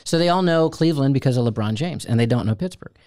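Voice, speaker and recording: Middle-aged male co-host, animated storyteller, dry close-miked voice. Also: mid-range voice, fast, no room sound. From Ohio, USA. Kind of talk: casual chat.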